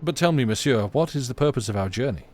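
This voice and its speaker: A man's voice: medium pitch, expressive, quick pace, darkish tone, voice pushed up, close to an everyday voice. A man voicing a polite, flustered male French valet in a put-on French accent, formal and pleading.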